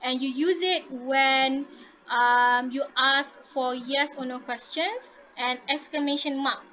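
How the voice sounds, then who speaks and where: A woman's voice: high voice, steady tone, takes it slowly, pushed and bright, muffled recording. A woman teaching English to a class over a video call, encouraging her students and modelling intonation aloud.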